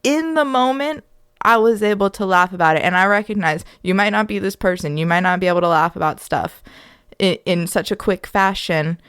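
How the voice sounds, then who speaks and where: A young woman hosting a podcast, telling a candid personal story in a reflective, animated way. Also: medium pitch, brisk, clear, resonant tone, no echo, clean studio sound. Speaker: podcast host.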